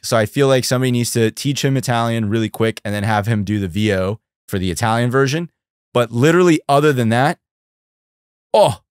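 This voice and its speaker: A young man hosting a casual livestream, chatty and animated, talking to his viewers. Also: medium pitch, no room sound, clean studio sound. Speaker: livestream host.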